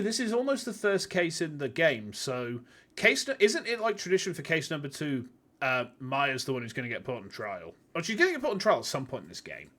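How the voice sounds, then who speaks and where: A man with a hoarse voice chatting casually as a streamer, rambling and self-deprecating. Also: on the high side, sharp tone. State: hoarse, wrecked voice. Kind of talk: casual gameplay chat.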